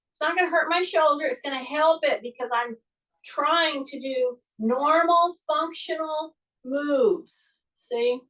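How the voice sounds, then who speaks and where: A woman's voice: sits high, a bit bright, far from the mic, rough recording. A middle-aged woman leading a fitness class from her home exercise room, chatty and coaching with repeated cues. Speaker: fitness instructor. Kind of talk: live exercise class instruction. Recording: voice from away from the mic.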